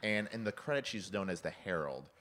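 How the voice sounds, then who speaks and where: Deep-voiced man telling film stories. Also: fairly quick. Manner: animated storytelling, acts out quoted lines, laughs often. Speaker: podcast guest discussing film. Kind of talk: casual chat.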